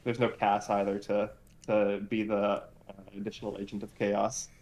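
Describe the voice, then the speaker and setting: A man's voice: on the low side, flat delivery, moderate pace, a little mellow, slight background noise. A man co-hosting a casual recap discussion, talking in a hesitant way with many filler sounds. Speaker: podcast co-host. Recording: roomy echoey room.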